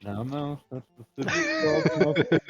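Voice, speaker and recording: A man's voice: fairly high pitch, wildly swooping pitch, takes it slowly, highs cut off, music in the background. A young man playing a tabletop game, swearing, laughing and breaking into playful outbursts. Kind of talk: casual tabletop role-play chat.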